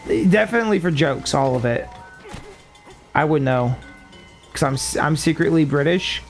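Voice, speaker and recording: A man's voice: on the high side, animated, normal speed, faint music behind. A man chatting casually while streaming a video game. He rambles, mocks himself and swears offhand. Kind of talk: casual gaming stream chat.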